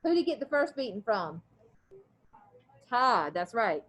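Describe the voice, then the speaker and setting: Woman teacher, high voice, class read-aloud, animated and quizzing. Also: measured pace, long pauses. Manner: animated, quizzing students between passages.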